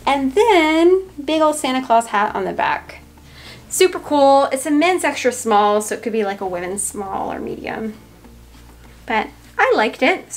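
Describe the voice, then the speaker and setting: A woman with a Southern US accent chatting casually to camera, thinking aloud with fillers as she goes through a thrift haul. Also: on the high side. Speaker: reseller showing a thrift haul.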